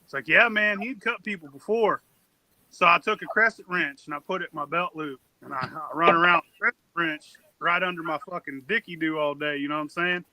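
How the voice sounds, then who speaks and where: Bright, high-voiced man telling a story. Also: fairly even intonation, brisk, dry recording, low-quality recording. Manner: rambling, profane, drawling Southern storyteller. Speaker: podcast co-host telling a work story. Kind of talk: casual profane storytelling.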